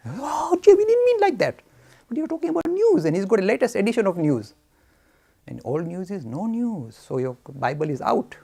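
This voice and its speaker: A man's voice: sits high, wildly swooping pitch, normal speed, creaky, warm tone, voice pushed up, exaggerated voice. A man putting on a cozy, earnest minister. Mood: flustered. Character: mild, cozy male Christian minister.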